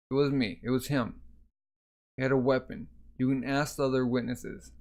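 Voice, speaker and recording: A man's voice: mid-range voice, flat delivery, moderate pace, darkish tone. A man casually reading a comic aloud, speaking the sound effects and adding offhand asides. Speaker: manga reader.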